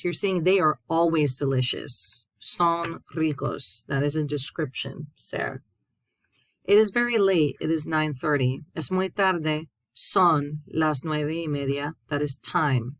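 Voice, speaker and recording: A woman's voice: low voice, dry recording. A woman teaching a recorded Spanish grammar lesson, reading example sentences aloud and translating them step by step.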